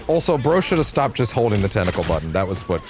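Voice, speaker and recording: Male streamer, very low voice, casual rambling play-by-play, curses when he slips up. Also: very animated, fast talker, noisy background. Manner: casual, rambling, swears at mistakes. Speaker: video game streamer. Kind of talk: live gameplay commentary. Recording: game music clearly behind. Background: game music.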